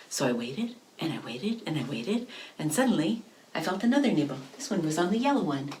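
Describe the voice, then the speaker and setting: A woman leading children's storytime, animated, with whispers and sound effects. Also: deep voice, a little fast. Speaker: library storyteller.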